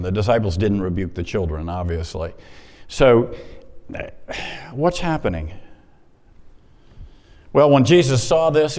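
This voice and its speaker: Male pastor, mid-pitched voice, casual and animated sermon delivery, long hall reverb. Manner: conversational, animated, pauses to explain Scripture.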